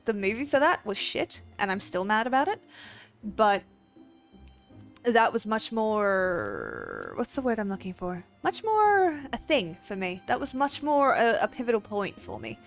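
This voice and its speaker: Chatty woman livestreaming a game. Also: a little high. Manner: chatty, laughs often, swears freely. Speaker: streamer. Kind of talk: casual livestream chat.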